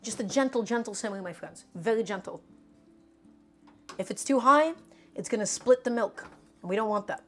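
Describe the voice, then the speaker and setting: A woman streaming herself cooking, chatty and emphatic as she talks to her viewers like friends. Her voice sits a little on the high side, with soft music playing quietly underneath. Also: moderate pace, long pauses. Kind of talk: casual live cooking stream chat.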